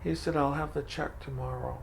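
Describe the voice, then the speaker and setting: A man's voice: mid-range voice, fairly even intonation, fairly quick, vocal fry. An older man telling his story in an oral history interview, acting out the voices in his dialogues. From Franco-American, from Maine. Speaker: food pantry director.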